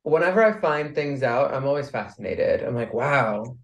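A man's voice: mid-range voice, expressive, a little fast, vocal fry. A male drag performer joins a podcast as a guest, speaking with earnest enthusiasm. His voice sits in a middle range. The talk is casual and conversational. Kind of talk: casual chat.

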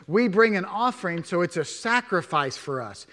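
A male pastor delivers a sermon in a church, his voice sitting a little high for a man. He punches key words, then falls to near-whispers and asks his listeners many questions. The sound rings with a long hall reverb. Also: expressive, moderate pace. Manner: emphatic, swings between loud stresses and hushed asides, many rhetorical questions.

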